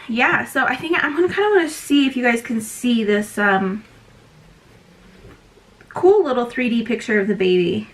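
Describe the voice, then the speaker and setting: A young woman with a slightly high voice talks through a candid vlog update. She rambles frankly with lots of ums and restarts, sighing now and then as she fights nausea. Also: a bit bright. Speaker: vlogger. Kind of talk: casual pregnancy update vlog.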